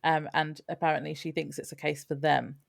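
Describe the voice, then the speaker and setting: A woman's voice: low-pitched, flat delivery, a little fast, gravelly. A woman co-hosting a podcast, recapping an episode in an easygoing way, with many fillers. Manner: easygoing, laughs often, filler-heavy. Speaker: podcast co-host.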